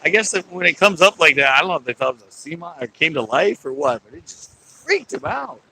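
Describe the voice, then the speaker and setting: Man, bright forceful voice, slightly high, casual live-stream chat, outdoors on a pier. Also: sing-song, brisk, vocal fry, a little hiss or hum, rough recording. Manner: chatty, talks to viewers and yells at sea lions. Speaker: angler livestreaming from a pier. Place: outdoors on a fishing pier by the sea.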